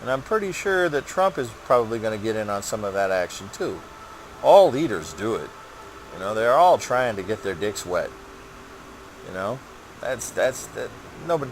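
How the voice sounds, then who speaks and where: A man's voice: mid-range voice, slight background noise. Profane, ranting man in a gaming vlog. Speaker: gaming channel host. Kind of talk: rambling personal update while gaming.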